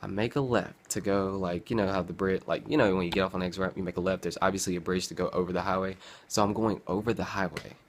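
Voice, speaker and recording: A young man tells a rambling story on his vlog, slipping into groans and sighs as he plays his tired younger self. His voice sits a little low, and the talk is loose and chatty. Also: steady tone, fast, a little hiss or hum. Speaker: vlogger. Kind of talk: casual storytelling.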